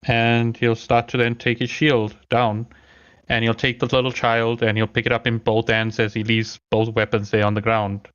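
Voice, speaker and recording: Male tabletop player voicing his own character. Flat, smooth delivery over a dull, muffled call line. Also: mid-range voice. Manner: even, unhurried, stays in character. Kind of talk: narrating his character's actions in a tabletop game.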